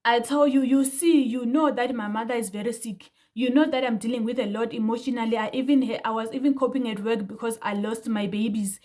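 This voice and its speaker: Heated high-voiced woman. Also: steady tone, fairly quick, hardly any pauses, a little mellow. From South Africa. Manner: heated, indignant, repeats herself for emphasis. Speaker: vlogger. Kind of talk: casual commentary to camera.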